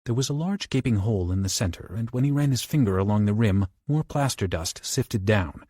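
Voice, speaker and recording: A man narrating a horror audiobook with a low, slightly husky voice. His delivery swings widely in pitch as the tension builds, recorded dry and close. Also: a little fast, hardly any pauses, no echo. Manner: dramatic, with lively shifts into character voices.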